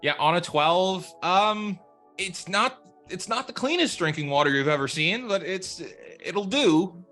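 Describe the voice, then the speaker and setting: Male game master, bright voice, relaxed meandering narration. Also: high voice, unhurried, faint music behind.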